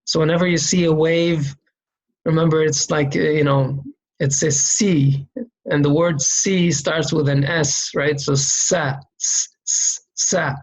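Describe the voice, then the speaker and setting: A man's voice: a little high, steady tone, measured pace, poor audio. A man teaching a reading lesson, explaining letter shapes and sounds step by step, patiently repeating each sound and checking in with "okay?". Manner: demonstrates sounds by repeating them.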